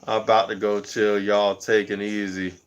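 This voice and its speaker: A man's voice: fairly low pitch, level tone, normal speed, smooth, lo-fi sound, faint music behind. A man livestreaming, chatting casually and rambling, chuckling often as he talks.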